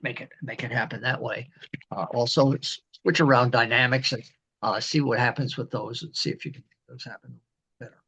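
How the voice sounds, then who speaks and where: Husky older man talking conducting. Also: medium pitch, steady tone, sharp tone. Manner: rambling, halting, with many fillers and sung rhythms. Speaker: community band director. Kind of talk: instructional talk on conducting.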